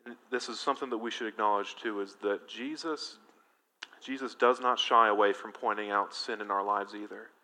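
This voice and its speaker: A male pastor preaching a sermon in an animated, emphatic way, engaging his congregation directly. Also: fairly low pitch, normal speed.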